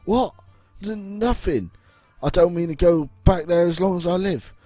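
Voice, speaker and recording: A man's voice: medium pitch, animated, measured pace, warm tone, breathy edge, no echo, faint music behind. A man voicing a frightened male former guard who has fled, reading the lines in a jittery, pleading way.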